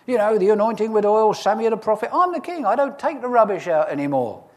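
Man playing a whiny teen shepherd boy, high indignant voice, complaining. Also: expressive, fast. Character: young male shepherd acting like a sulky teenager.

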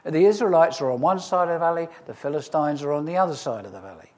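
A man preaching a sermon, reading scripture and retelling it in a lively, humorous storytelling way with asides to the listeners. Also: fairly high pitch, fast.

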